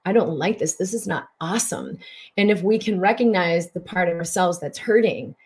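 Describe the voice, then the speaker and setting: A middle-aged woman hosting a live broadcast, giving a spiritual coaching talk with animated, breathy exclamations. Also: lowish voice, normal speed.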